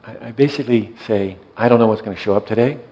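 A man speaking as a meditation teacher in a gentle, soft-spoken way, often letting his voice trail off quietly as he tells a reflective story. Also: fairly low pitch, fast, dull audio.

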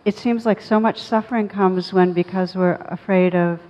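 A woman speaking as a meditation teacher in a thoughtful, measured way, slowing down on key words as she tells a story. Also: mid-range voice, fairly even intonation, darkish tone. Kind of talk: reflective storytelling talk. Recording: dull audio with long reverb.

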